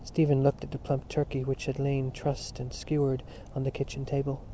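Man reading an old novel, flat and mellow, kinda muffled lo-fi audio. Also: mid-range voice. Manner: measured, even storytelling. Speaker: narrator. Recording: dull lo-fi audiobook recording with faint hiss.

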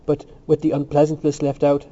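Suave, ironic young student, mellow and smooth, as a male reader puts him on. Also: a little high, completely flat delivery, brisk, lightly acted. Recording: muffled lo-fi recording.

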